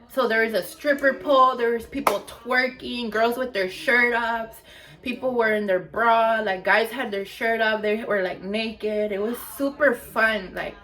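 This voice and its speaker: A woman's voice: on the high side, fairly bright tone. A young woman vlogger telling a storytime in a chatty, casual way, full of filler words and swearing.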